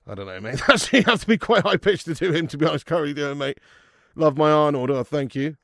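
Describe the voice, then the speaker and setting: A man's voice: fairly high pitch, lively intonation, fast, gravelly, fairly bright tone, dry recording, clean studio sound. A man hosting a live football watch-along, chatting and laughing with his viewers. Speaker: host.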